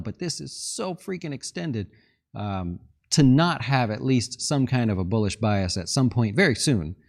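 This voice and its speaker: A man hosting a live market stream, chatting casually and joking while reading viewer questions and thinking aloud over charts. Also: mid-range voice. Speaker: fund manager hosting a market livestream.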